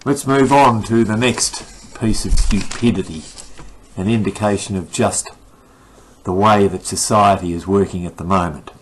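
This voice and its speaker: A man's voice: lowish voice, unhurried, slight background noise, rough recording. An older man, giving an indignant, sarcastic rant about the day's news. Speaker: commentator. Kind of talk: ranting opinion monologue.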